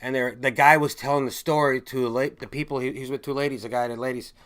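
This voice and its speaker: A man's voice: mid-range voice, fairly even intonation, fast, a bit bright. A man hosting a casual stream, rambling and swearing as he reads viewer chat and drifts between stories. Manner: rambling, profane, trails off and restarts mid-thought.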